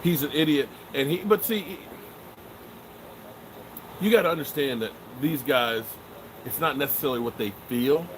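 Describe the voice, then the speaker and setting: A man's voice: fairly high pitch, moderate pace, long pauses, slight background noise. A middle-aged man hosting a sports live stream and joking his way through the chat in a loose, casual manner. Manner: joking, animated, swears and trails off often. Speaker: sports show host answering live chat.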